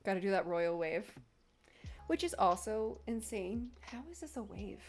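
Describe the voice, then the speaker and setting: A woman's voice: mid-range voice, lively intonation, measured pace. A young woman chatting and rambling while she knits on a live stream, laughing often and still getting over an illness. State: recovering from being sick. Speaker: knitting streamer. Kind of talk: casual chat while knitting on a live stream.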